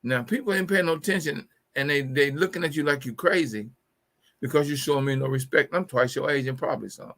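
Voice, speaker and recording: A middle-aged man with a brisk, fairly bright, slightly high voice hosts a live call-in show, joking in a casual, humorous way. He tends to repeat his punchlines and trip over his words.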